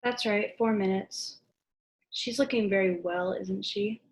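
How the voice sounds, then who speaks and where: Young woman acting a dry wry secretary, mid-pitched, video call. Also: unhurried, lightly acted. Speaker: student actor. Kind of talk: school play over video call.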